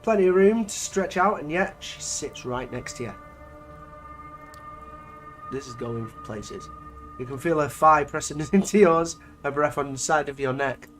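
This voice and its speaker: A man with a slightly high voice reads a story at an unhurried, drawn-out pace, stopping often to swear and mock what he reads. Soft music plays faintly underneath. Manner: sweary, mocking asides between narrated lines. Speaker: channel host reading a story aloud. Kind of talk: reading an interactive story with reactions.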